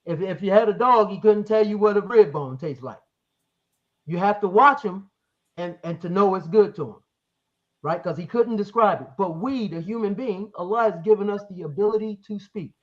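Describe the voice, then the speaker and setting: A man's voice: high-pitched, normal speed, muffled recording. A man debating over a live stream, pressing his point with leading questions and reading verses aloud.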